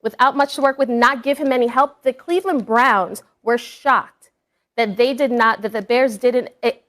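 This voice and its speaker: A woman arguing a point as a sports analyst on a debate show, firm and measured. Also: fairly high pitch, a bit bright.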